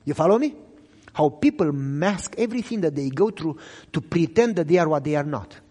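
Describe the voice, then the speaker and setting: A young man who speaks English as a second language, preaching an emotional sermon testimony and swinging from loud cries to hushed low lines. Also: lively intonation, a little fast. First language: not English. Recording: echoey hall reverb.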